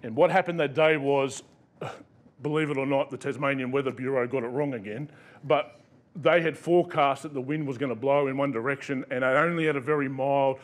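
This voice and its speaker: A man's voice: mid-range voice, fairly even intonation, a little fast. An Australian male pastor preaching a sermon in a conversational, storytelling way.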